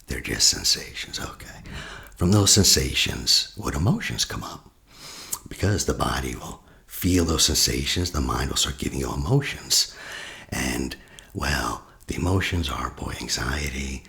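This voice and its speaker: A man, a therapist, talking a listener through a guided meditation in a slow, soft voice that often drops to a near whisper. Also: rumbling low, very animated, vocal fry. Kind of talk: guided meditation with teaching asides.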